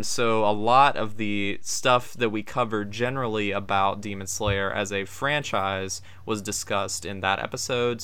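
A man's voice: lowish voice, pushed and bright, clear, resonant tone, dry recording. A man co-hosting a podcast about anime, chatting casually and upbeat as he plugs the show. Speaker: podcast co-host.

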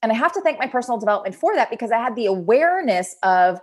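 A woman in her thirties gives a casual motivational talk on personal growth. Her voice sits a little high. She speaks with energy and acts out quoted self-talk along the way. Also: big pitch swings, very fast, a little mellow. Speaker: podcast host, personal development.

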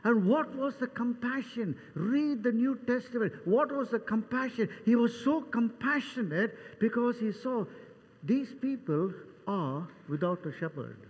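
An older man preaching a sermon as pastor, dramatic, acting out Bible scenes with voices and swinging between loud and soft. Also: very high-pitched, lively intonation, unhurried, breathy edge. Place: church hall. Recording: long church reverb.

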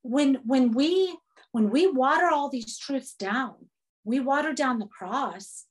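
A woman's voice: sits high, takes it slowly, slightly rough. A woman preaching a sermon to a women's group, emphatic and repetitive.

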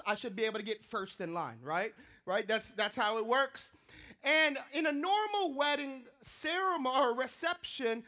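A man preaching a sermon, telling a funny personal story in an animated, joking way. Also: extremely high pitch. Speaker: pastor.

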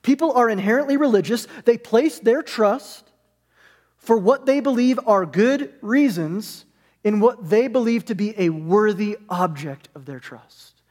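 A man's voice: high voice, animated, slow pace, darkish tone, big-room sound. A man preaching a sermon in a church, earnest and building his points through repeated parallel phrases. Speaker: pastor.

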